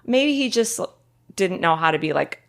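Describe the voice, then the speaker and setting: Animated woman in her forties, storytelling. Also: on the low side, normal speed, gravelly. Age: 40s. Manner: animated storyteller, lively and laughing, trails off mid-thought. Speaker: guest actor. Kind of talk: casual podcast conversation.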